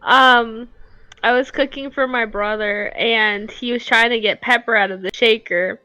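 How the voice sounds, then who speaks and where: A woman's voice: on the high side, fairly even intonation, measured pace, pushed and bright, clear, resonant tone, no echo, low-quality recording. A woman streamer in casual chat, telling a story dramatically and giggling often. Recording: dry mic with faint music.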